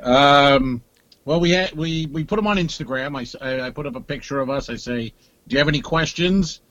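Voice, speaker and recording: A man's voice: a little high, fairly quick, a bit bright, no room sound, dull audio. A man co-hosting a comedy podcast in casual chat, rambling and hesitant, acting out little exchanges. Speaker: podcast co-host.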